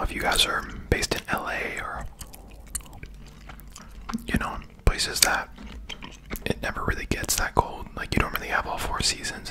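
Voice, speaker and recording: A young man whispering a rambling ASMR chat while chewing gum. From England. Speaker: ASMR creator. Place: home room, lights turned down. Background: rain outside.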